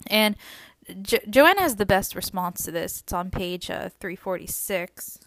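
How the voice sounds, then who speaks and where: A woman's voice: mid-range voice, lively intonation, moderate pace, fairly bright tone. A woman hosting a book podcast, casually recapping chapters and reading passages aloud, with frequent ums and uhs. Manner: chatty, many ums and uhs.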